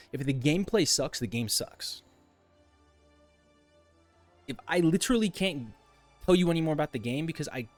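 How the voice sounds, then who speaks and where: A young man giving a casual, rambling game review monologue, exasperated and ranting as he goes. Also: mid-range voice. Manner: exasperated, rambling, animated rants. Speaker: gaming video creator.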